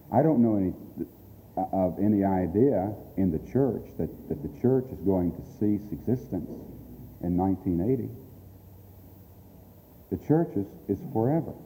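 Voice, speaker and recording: In a long, reverberant hall, a man with a deep, warm voice preaches about radio outreach at normal speed, sounding animated. His earnest address leans on emphatic repetition, and there's a little hiss or hum on the recording.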